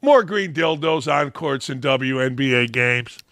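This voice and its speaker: A man's voice: medium pitch, animated, a little slow, fairly bright tone, dry recording, clean studio sound. A man hosting a sports talk show, giving brash, mocking, opinionated commentary.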